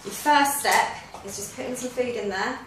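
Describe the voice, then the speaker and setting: A woman's voice: on the high side, normal speed, fairly bright tone. A woman, a dog trainer giving practical step-by-step instructions in a chatty manner. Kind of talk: instructional how-to video. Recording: echoey room with faint noise.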